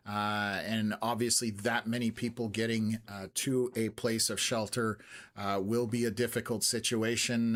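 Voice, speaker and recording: A man's voice: lowish voice, fairly bright tone. Man giving live storm warnings. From Canada. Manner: halting, many "uh" fillers, urgent warnings. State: voice going a little hoarse. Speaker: weather stream host. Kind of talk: live storm-tracking commentary.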